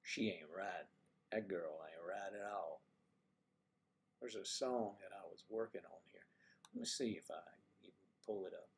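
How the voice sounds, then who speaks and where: A man's voice: deep voice, normal speed, gravelly. An older man hosting a casual livestream, musing aloud and trading folksy sayings in a loose, rambling way. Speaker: livestream host.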